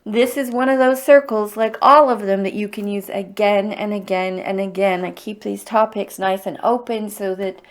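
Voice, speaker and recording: A woman's voice: mid-range voice, fairly even intonation, moderate pace, few pauses. A middle-aged woman hosting a livestreamed EFT tapping circle, speaking in a heartfelt, openly emotional and encouraging way. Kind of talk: livestream guided tapping talk.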